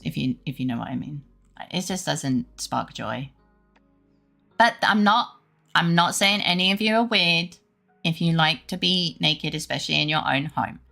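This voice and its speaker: A woman's voice: low voice, creaky, pushed and bright. A woman streamer chatting casually with her viewers, rambling and laughing often.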